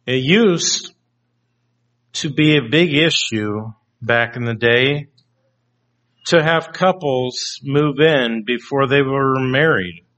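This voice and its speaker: A man preaching a sermon, slow and deliberate, often putting questions to his congregation. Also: mid-range voice, fairly bright tone. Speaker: pastor. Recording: dull lo-fi recording.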